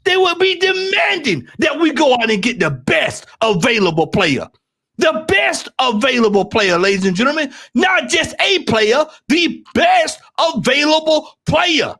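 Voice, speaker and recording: A man on a football fan stream, ranting heatedly with lots of repetition and frequent shouting. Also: very high voice, very animated, measured pace. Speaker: football podcast panelist.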